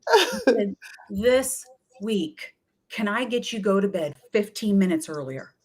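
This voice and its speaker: A middle-aged woman, a wellness coach, telling lively stories in an interview and acting out what people said to her. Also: medium pitch, unhurried, breathy edge. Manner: energetic, chatty, often acts out quoted voices. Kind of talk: animated storytelling in a talk-show interview.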